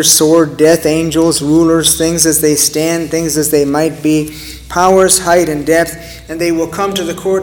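Earnest preacher man in a reverberant church. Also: on the high side. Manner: earnest, rhetorical questions, dramatic pauses. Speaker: pastor. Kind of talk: sermon.

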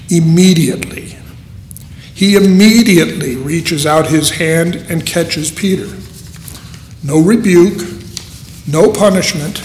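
A man preaching a sermon in an earnest, unhurried way, with dramatic pauses. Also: on the high side, a little hiss or hum. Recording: echoey hall.

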